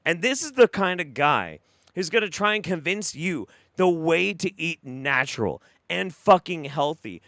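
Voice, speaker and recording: A man's voice: a little high, normal speed, no room sound, studio quality. A man ranting in profane fury while reacting to videos as a commentary streamer. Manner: profane, furious ranting, swings to mock calm.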